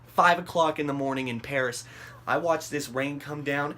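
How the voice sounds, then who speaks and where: A vlog host tells a wild story in casual, rambling fashion, swearing often and stacking up fillers and restarts. His voice is a little high and moves at normal speed, jumping up animatedly whenever he acts out his own panic. There's a faint hiss or hum on the recording.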